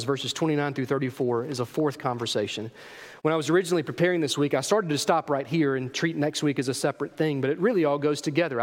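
A male pastor preaching a sermon, asking rhetorical questions and repeating key phrases for emphasis. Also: on the high side. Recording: long reverb of a large hall.

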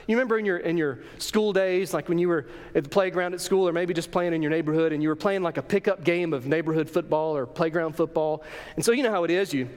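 A man preaching a sermon as a pastor, telling the story in a lively way and acting out the voices. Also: high voice, in a large hall.

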